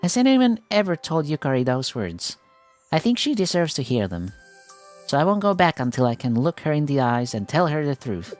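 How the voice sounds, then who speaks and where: A man's voice: a little high, sing-song, normal speed, darkish tone, soft background music. A man voicing an earnest teenage festival-club president. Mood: resolute. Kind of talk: reading a game story aloud with voices.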